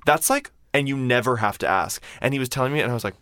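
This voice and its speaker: A man's voice: fast, fairly bright tone, clear, resonant tone, dry recording. Rambling man telling a story, dry sound. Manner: rambling storyteller, quoting people in a low mocking voice. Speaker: guest. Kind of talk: casual podcast chat.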